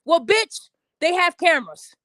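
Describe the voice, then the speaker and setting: A woman's voice: very high-pitched, very animated, unhurried, pushed and bright, dry recording. A woman podcast host delivering a heated, profane opinion rant straight at her listeners. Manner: addresses listeners directly.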